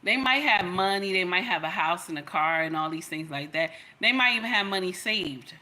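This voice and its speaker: Middle-aged woman, bright and emphatic, preaching advice to her livestream audience. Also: on the low side, expressive, normal speed. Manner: emphatic, sermon-like, addresses viewers directly. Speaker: livestream host giving relationship advice.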